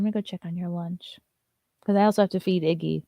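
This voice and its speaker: A woman's voice: on the low side, moderate pace, no echo, muffled recording. A woman comedian hosting a casual morning show, chatting loosely and reading viewer comments, sometimes slipping into sing-song baby talk with her dog.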